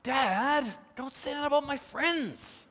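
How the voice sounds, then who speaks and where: A man's voice: very high voice, slow, sharp tone, voice pushed up, heavily acted. A man voicing a young prince who protests and pleads for his friend in a raised voice. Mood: pleading. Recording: long reverb of a large hall.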